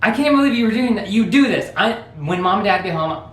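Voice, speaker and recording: A man's voice: sits high, lively intonation, fast talker, a bit bright, echoey room, voice pushed up. A man voicing his angry older brother as a young boy, accusing and indignant.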